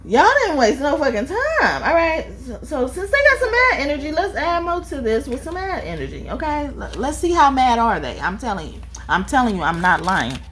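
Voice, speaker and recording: Young woman reading tarot, swears a lot, laughs, super animated. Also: high-pitched, normal speed, few pauses. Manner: animated, profane, laughs often. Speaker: tarot reader.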